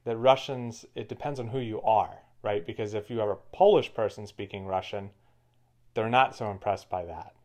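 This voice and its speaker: A male co-host in a relaxed conversation, his voice pitched slightly low. He talks fluently and explains his points at length. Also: normal speed. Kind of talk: casual chat.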